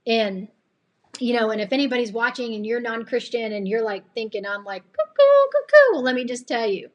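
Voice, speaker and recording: A woman's voice: on the high side, fairly even intonation, brisk, lo-fi sound. A woman with a slightly tired voice giving an earnest, chatty faith-based motivational talk on a live stream, rambling and laughing often. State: voice a bit tired late at night. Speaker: live-stream host and coach.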